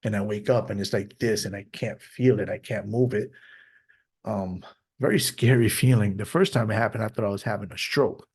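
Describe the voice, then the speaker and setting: A man hosting a podcast, speaking openly and reflectively in a personal monologue, sometimes halting and restarting his sentences. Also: fairly low pitch, a little mellow, breathy edge. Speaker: podcast host.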